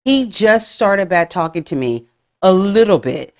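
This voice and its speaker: Animated woman podcast host. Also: medium pitch, unhurried. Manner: animated storytelling with voiced asides and profanity. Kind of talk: casual chat.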